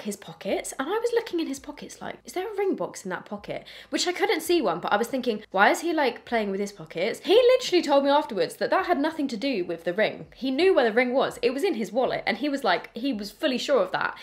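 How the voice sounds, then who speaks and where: Chatty young woman with a lively voice. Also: on the high side. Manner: chatty, animated, lots of "like". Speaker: beauty vlogger. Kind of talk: casual storytelling while doing makeup.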